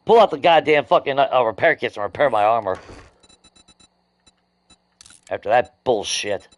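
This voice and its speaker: A man's voice: mid-range voice, expressive, fast, no room sound. A man streaming a video game, ranting angrily about glitches with constant swearing. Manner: angry ranting, heavy swearing. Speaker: gaming streamer. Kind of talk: live gameplay stream commentary.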